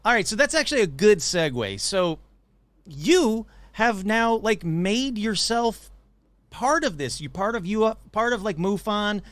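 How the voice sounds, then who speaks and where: A man's voice: sits high, animated, a little slow, a bit bright, no room sound. A middle-aged man hosting a podcast, chatting with his guest in a chummy, enthusiastic way. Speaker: podcast host. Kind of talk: casual interview chat.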